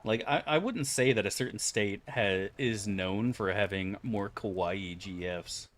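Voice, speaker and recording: A man with a fairly low voice, talking loosely with his viewers as he streams a game. He is from Florida and rambles from one topic to the next in an offhand, profane way. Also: a little slow. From Florida, USA. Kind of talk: casual chat while gaming.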